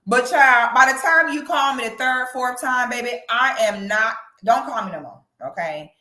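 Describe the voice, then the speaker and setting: A woman doing casual reaction commentary, sassy and animated. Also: a little high, moderate pace, echoey room. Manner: sassy, animated, breaks into loud laughing shrieks. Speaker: commentary vlogger.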